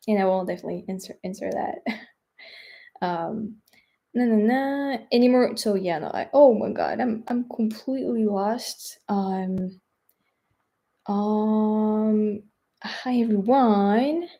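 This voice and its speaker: This travel vlogger from France speaks at a measured pace in a medium-pitched voice with a French accent. She's young and chats casually through viewer questions on her live stream, hesitating often, using many fillers and drifting into soft, trailing asides.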